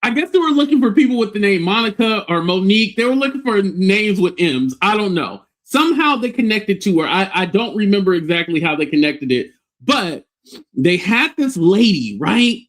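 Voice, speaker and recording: A man casually retelling an online drama as a commentary host, animated and often acting out the voices of the people he quotes. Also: high-pitched, moderate pace.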